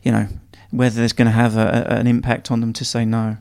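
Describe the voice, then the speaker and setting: A man's voice: medium pitch, completely flat delivery, quick pace, creaky, darkish tone, clean tone. A man hosting an interview, asking probing, supportive follow-up questions. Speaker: podcast host, interviewer. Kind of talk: casual interview conversation.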